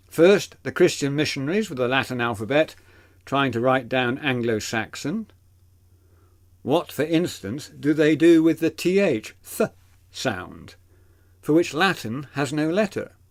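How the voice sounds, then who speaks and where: Man, teacher, fairly high voice, animated pitch, deliberate clear explaining. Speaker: literature teacher. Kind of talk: explanatory video lesson.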